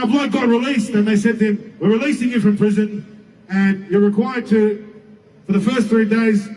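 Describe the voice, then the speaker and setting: A man giving an emphatic public speech to a crowd, shouting some phrases and joking between them. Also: very high voice. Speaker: rally speaker. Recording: distant mic with faint outdoor noise.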